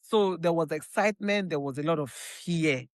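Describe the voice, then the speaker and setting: Nigerian woman telling an animated story. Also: deep voice, normal speed, no room sound. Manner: animated, emphatic storytelling with repeated phrases. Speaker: podcast guest. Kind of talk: casual chat.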